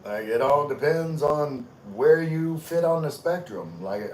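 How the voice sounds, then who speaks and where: Chatting casually on his livestream, this middle-aged Southern-accented host from Louisiana drawls easily and calls out viewers by name as he reads their comments. His pitch runs fairly high, his delivery is expressive and a little slow, and there's a faint hiss or hum in the audio.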